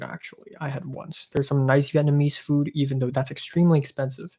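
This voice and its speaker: A man's voice: mid-range voice, a little mellow. Young male streamer, exasperated and sweary, sarcastic casual rant. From Hong Kong. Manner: profane, exasperated, sarcastic ranting. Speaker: live streamer.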